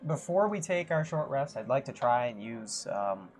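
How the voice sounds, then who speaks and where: A man's voice: mid-range voice, sing-song, moderate pace, faint music behind. Hesitant male tabletop player. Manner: hesitant, many ums. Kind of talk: casual tabletop game talk.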